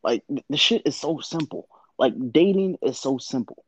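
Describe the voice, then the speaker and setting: A man co-hosting a podcast, talking bluntly and laid-back, with quick murmured agreements. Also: a little high, expressive, husky. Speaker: podcast co-host. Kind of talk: casual chat.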